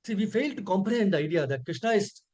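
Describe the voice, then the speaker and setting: A man with an Indian English accent teaches scripture to a gathering, his voice sitting high. He talks earnestly and keeps checking in with his listeners. He slows right down when he recites verses. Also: animated, a little mellow. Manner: slow chanted verse recitation; earnest, asks listeners "correct?". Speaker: preacher. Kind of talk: scripture class.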